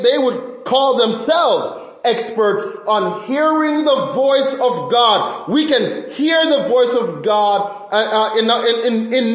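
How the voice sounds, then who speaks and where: A man preaching a sermon as pastor, emphatic and animated, often restarting phrases. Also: very high-pitched, reverberant, rough recording.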